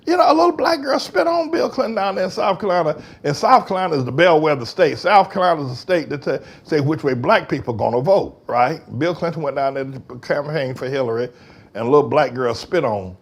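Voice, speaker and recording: High, animated man ranting. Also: a little fast, breathy edge. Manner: fiery, mocking, slangy, breaks into shouting. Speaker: talk show host. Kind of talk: heated monologue.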